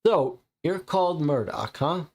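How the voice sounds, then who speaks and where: A blunt, impatient noir detective who pushes a witness for answers, as a man plays him. The voice is slightly high with a gravelly rasp. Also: animated, a little slow, darkish tone. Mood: testy. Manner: testy, blunt.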